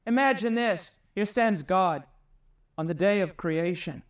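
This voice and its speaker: A man preaching a sermon with passion, climbing high and loud to drive home his points. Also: unhurried, recorded from a distance. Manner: impassioned, rises high and loud for emphasis.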